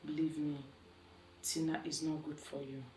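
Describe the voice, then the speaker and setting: Actress as a caring confidante, very low voice, Nigerian accent, echoey, music underneath. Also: female voice, little pitch movement, moderate pace, noisy background, lightly acted. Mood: earnest. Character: concerned woman urging a man to stop drinking. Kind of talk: film drama acting.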